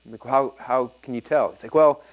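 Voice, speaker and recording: Fast-talking man telling seminar stories. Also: medium pitch. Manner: fast, animated storyteller acting out dialogue. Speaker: speaker at a live business seminar. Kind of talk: storytelling seminar talk. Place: event hall with a live audience.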